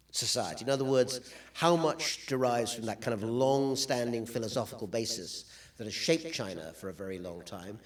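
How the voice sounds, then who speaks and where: A man's voice: medium pitch, distant mic. A man giving a public lecture with slides, talking with dry, wry humor and frequent "uh"s. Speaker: guest lecturer.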